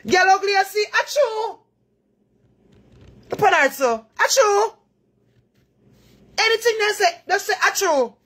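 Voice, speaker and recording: A Jamaican woman putting on a high, mocking sing-song voice of someone who agrees with every accusation. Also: expressive, slow, pauses often, a bit bright, full character voice.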